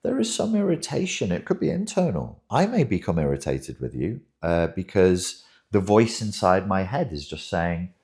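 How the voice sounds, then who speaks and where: A man's voice: on the low side, sing-song, moderate pace, a little mellow. A man hosting a commentary monologue, emphatic and wry, who often repeats himself as he talks. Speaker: host, relationship commentator.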